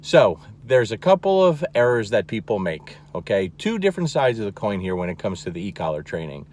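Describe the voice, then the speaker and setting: A man's voice: lowish voice, sing-song, fairly quick, darkish tone. Emphatic male dog trainer. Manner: emphatic, checks in with "okay?" often; plainspoken, repeats key words for emphasis. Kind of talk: instructional talk to camera.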